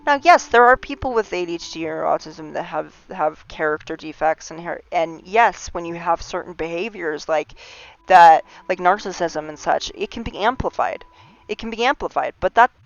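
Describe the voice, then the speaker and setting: A woman hosting a livestream, talking in an earnest, impassioned monologue full of restarts and rising emphasis. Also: fairly low pitch. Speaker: livestream host. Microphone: streaming mic. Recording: slightly dull lo-fi stream audio.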